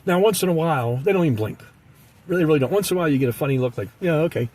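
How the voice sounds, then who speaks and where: A man with a fairly high, husky voice telling a comic monologue. His delivery is animated, and he keeps jumping into the voices of the people in his stories. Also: racing. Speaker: comedic storyteller.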